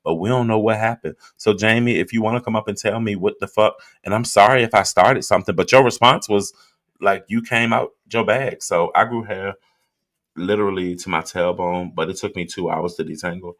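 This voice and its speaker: Deep-voiced man chatting on a livestream. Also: fairly quick, a bit bright. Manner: loose, chatty, talks straight to viewers. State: drinking while streaming. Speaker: livestream host reading viewer comments. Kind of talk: casual live chat.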